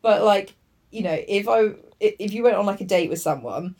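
Woman, podcast co-host, casual and sweary, average pitch. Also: lively intonation, a little fast, darkish tone. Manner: chatty, swears, laughs a lot. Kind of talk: casual chat.

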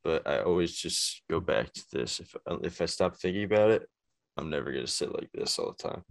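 A man's voice: low voice, expressive, a little fast, creaky, no echo. A man chatting casually on a podcast as a comedian guest, loose and laughing, with lots of restarts. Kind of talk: casual chat.

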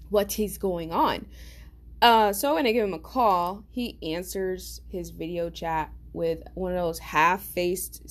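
A woman vlogger telling a story in casual storytime style, animated, blunt and slangy, laughing as she goes. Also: mid-range voice.

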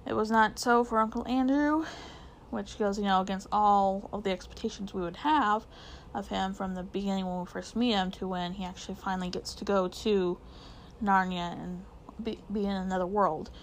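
A woman's voice: medium pitch, fairly even intonation, moderate pace, slight background noise. Woman teacher explaining a novel casually. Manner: conversational, many fillers and restarts. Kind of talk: literature lesson explaining a novel.

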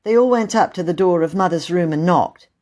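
A woman narrating a classic children's book in an expressive storytelling voice. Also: lowish voice, a little fast. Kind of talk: audiobook reading.

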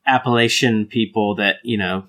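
Young guy from georgia, laid back and jokey, bright forceful voice, podcast chat. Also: lowish voice, steady tone, moderate pace. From Georgia, United States. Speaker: podcast co-host. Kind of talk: casual banter.

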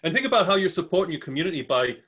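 A man with a softened Northern English accent talks in a loose, boisterous way, swearing as he goes. His voice sits a little high for a man. It is a relaxed podcast chat. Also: racing, husky. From England, near Newcastle. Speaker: podcast guest. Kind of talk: casual chat.

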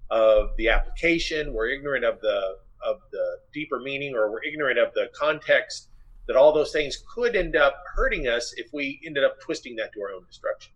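A man in a casual Bible study discussion who speaks in a measured, careful way. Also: mid-range voice, animated, fairly bright tone, lo-fi sound. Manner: measured, careful, halting with fillers.

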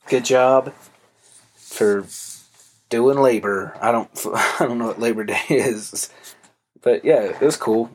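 A young man hosts a podcast in a loose, chatty way, his speech full of fillers and swearing. His voice sits at an ordinary middle pitch for a man. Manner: loose, profane storytelling with frequent fillers. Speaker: podcast host. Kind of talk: casual chat.

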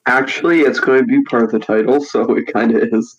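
A man's voice: mid-range voice, steady tone, brisk, muffled recording. A young man co-hosting a casual podcast, laid-back and joking along with his friends. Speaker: podcast co-host. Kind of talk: casual chat.

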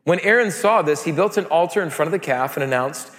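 Pastor, male, 30s, high voice, animated storyteller, big hall reverb. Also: quick pace. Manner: animated storytelling, loud excited peaks. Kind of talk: sermon.

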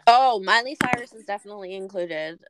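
A young woman co-hosting a podcast in casual chat, gushing and excitable, swearing a lot. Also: medium pitch, fairly quick, background noise. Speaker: podcast co-host.

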